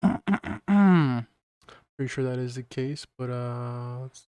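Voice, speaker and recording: A man's voice: medium pitch, completely flat delivery, a little slow, darkish tone, clean tone, dry recording. A man hosting a podcast stream, rambling casually and muttering to himself while he sets things up. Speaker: podcast host. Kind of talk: casual livestream chat.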